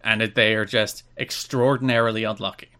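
A man's voice: on the low side, steady tone, a little fast, bright, forceful tone. An Irish man co-hosting a podcast, reading wrestling news and chatting with dry, wry asides. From Ireland. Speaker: podcast co-host.

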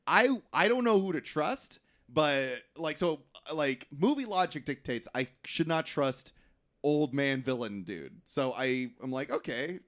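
A man co-hosting a casual movie chat, reacting with quick quips and lots of laughter. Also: on the high side, lively intonation, fairly bright tone. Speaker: podcast co-host.

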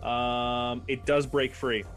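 A man running a tabletop game, his pitch sitting squarely in the middle for a man. He narrates combat in a relaxed, rambling way, stopping to count dice aloud. Soft music plays faintly in the background. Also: slow. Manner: casual, loose narration full of fillers and restarts, counts dice aloud. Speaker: game master.

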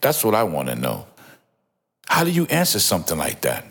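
A man's voice: low voice, huge pitch swings, a little fast, fairly bright tone, husky. A man giving an informal, emphatic Bible commentary, often repeating himself and exclaiming in awe. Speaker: Bible teacher.

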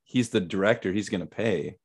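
A man joins a relaxed podcast conversation and reacts to his co-host's story. His remarks are dry and wry. His voice sits a little low. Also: brisk. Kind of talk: casual podcast chat.

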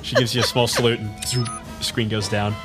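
A man's voice: lowish voice, flat delivery, fairly quick, music in the background. Casual man running a tabletop game. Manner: casual, filler-heavy narration with laughs. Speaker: game master.

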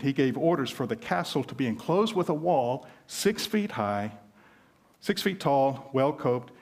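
A male preacher with a Southern US lilt delivers a sermon in a relaxed, conversational tone. His voice sits at an ordinary middle pitch. He moves easily from teaching into storytelling. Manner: conversational preaching with illustrative stories. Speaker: pastor.

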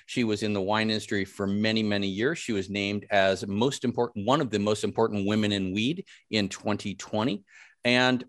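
A man's voice: on the low side, fairly bright tone, dry recording, studio quality. A man hosting a podcast, upbeat and rambling, with fillers and some mild swearing. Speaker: podcast host. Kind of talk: casual interview chat.

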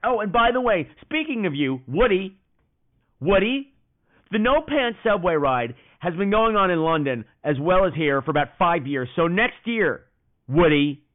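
A man hosting a podcast, telling stories in a profane, animated way. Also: on the high side. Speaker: podcast host. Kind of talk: casual comedic monologue. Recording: tinny phone-like sound.

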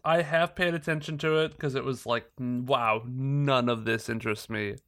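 A man with a bright, forward tone banters on a podcast, joking and laughing often. His voice sits at a middle pitch. The recording is dry and close. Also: fairly even intonation, moderate pace, no echo. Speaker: podcast co-host. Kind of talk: casual chat.

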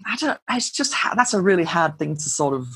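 A woman's voice: fairly low pitch, big pitch swings, fairly quick, a bit bright, husky. A woman, a guest chatting casually and laughing often. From northern England. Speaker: podcast guest. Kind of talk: casual interview chat.

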